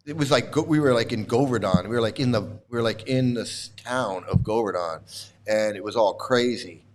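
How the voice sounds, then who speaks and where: A middle-aged man telling a rambling story casually to his livestream chat, laughing often and restarting sentences. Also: medium pitch. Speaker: host.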